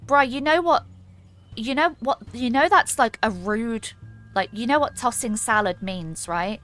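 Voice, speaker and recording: A woman streamer talking casually over her gameplay. Her voice sits a bit high, and she teases, jokes and chats to viewers in a playful, giggly way. Game music plays faintly behind. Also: a little slow, a bit bright. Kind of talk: casual gaming stream chat.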